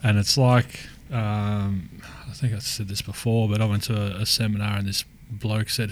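A man's voice: on the low side, brisk, few pauses, slight background noise. A man who works as a lived experience practitioner, talking reflectively in casual conversation. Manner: reflective, animated storytelling with restarts.

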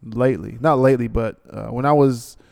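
A man's voice: mid-range voice, brisk, creaky, a little mellow, no echo, studio quality. A man in his thirties hosting a podcast, talking in a laid-back, rambling, slangy way and laughing often. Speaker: podcast host. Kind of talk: casual chat.

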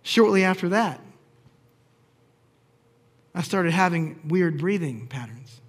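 High-voiced man preaching a personal story. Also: expressive, slow pace, slightly rough. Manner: storytelling, acts out quoted dialogue with humor. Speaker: pastor.

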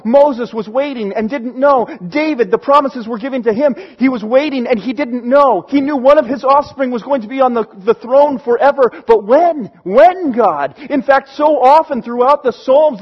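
A man's voice: very high voice, normal speed, hardly any pauses. A man preaching a sermon in an earnest way that builds to emphatic peaks. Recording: dull lo-fi recording.

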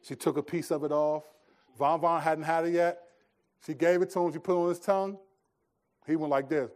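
Hushed-to-emphatic preaching man, high voice. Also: fairly even intonation, fairly quick. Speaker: pastor. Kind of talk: sermon.

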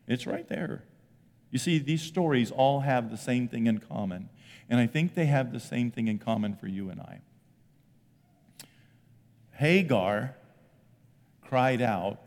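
Animated male pastor preaching in a hall. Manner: animated, jumps in pitch and volume for emphasis. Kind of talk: sermon.

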